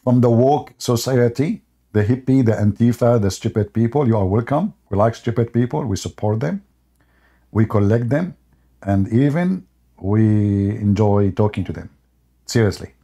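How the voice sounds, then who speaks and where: A man hosts a debate show in a loose, mocking monologue, drifting into long personal anecdotes. His voice is husky and raspy, with a dark, mellow tone. He chuckles often as he talks. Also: fairly low pitch, normal speed. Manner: rambling anecdotal storytelling.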